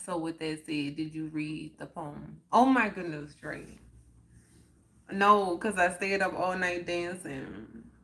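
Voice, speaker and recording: A woman chatting on a live stream, reflective and unhurried, saying "like" and "oh my goodness" often and reacting emotionally to her viewers. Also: lowish voice, creaky, fairly bright tone. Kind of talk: casual live stream chat.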